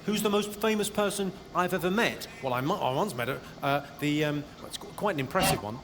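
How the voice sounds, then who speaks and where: High-voiced man doing cutting stand-up crowd work. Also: expressive, heavy background noise. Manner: quick, cutting put-downs of hecklers. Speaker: stand-up comedian. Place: live comedy venue with big audience. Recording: live show recording with loud crowd. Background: loud audience laughter.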